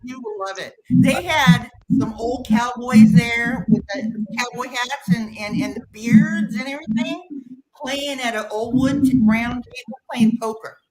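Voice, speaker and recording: A middle-aged woman guest telling a personal ghost story in casual chat, animated and quick to laugh. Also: over music, poor audio. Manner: animated, laughs often, drops low for quoted voices. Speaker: guest caller.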